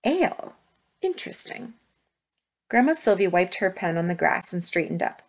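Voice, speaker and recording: A woman narrates a children's storybook aloud in a steady, expressive way. Her voice sits fairly low. The reading is paced for listeners to follow the story. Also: a little fast.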